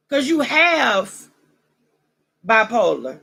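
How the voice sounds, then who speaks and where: A woman's voice: on the high side, sing-song, slow pace, gravelly, pauses often, a bit bright, slightly rough, poor audio. A woman hosting a vlog, giving a casual commentary monologue. She roasts and preaches in a slangy way, and her throat is dry as she loses her voice. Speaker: vlog host.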